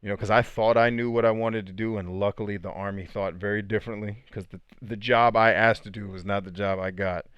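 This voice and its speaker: Animated low-voiced man telling stories. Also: a little fast, few pauses, smooth, dry recording, highs cut off. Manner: animated storytelling, laughs often, drops to quiet asides. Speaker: podcast host answering viewer questions. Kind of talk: casual live chat.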